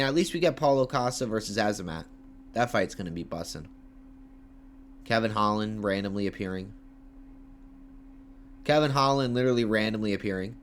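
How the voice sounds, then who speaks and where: A young man livestreaming casual commentary, talking in hyped, repetitive bursts with slang and shout-outs to viewers. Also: mid-range voice, slight background noise. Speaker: MMA livestreamer.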